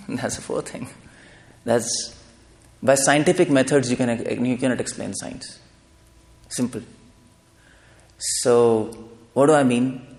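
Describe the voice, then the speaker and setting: Man, lecture, gravelly voice, long hall reverb, rhetorical questions. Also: medium pitch. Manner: emphatic, asks the audience rhetorical questions. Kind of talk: public lecture. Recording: live talk in a reverberant hall.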